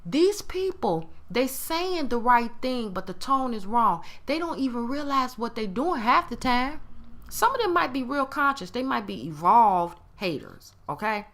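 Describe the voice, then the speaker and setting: A woman's voice: fairly high pitch, sing-song, measured pace, a bit bright. A woman giving a motivational talk to camera, emphatic and given to acting out other people's tones. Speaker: motivational speaker.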